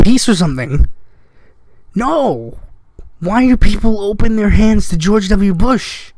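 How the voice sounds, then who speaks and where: High-voiced young man ranting sarcastically. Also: darkish tone, dry recording. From United States. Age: young adult. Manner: sarcastic, mocking, exasperated. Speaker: podcast host. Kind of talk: casual political rant.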